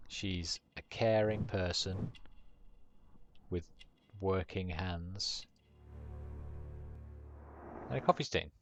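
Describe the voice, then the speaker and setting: A man's voice: low-pitched, steady tone, soft background music. A man streaming a detective game, reading clues aloud and making casual, joking asides. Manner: slow, mumbling, joking asides. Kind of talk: casual gameplay commentary.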